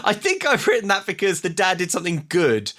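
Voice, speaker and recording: A man's voice: high-pitched, big pitch swings, fairly quick, pushed and bright. A man co-hosting a casual podcast, recapping a film from his notes with frequent laughter. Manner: chatty, laughs often, reads from notes. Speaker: podcast co-host.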